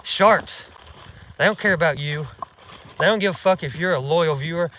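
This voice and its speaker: High-voiced man ranting profanely outdoors. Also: fairly quick, a bit bright, slight background noise. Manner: profane, mocking, indignant rant. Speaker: outdoors channel host. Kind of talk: casual ranting vlog. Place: outdoors in the woods.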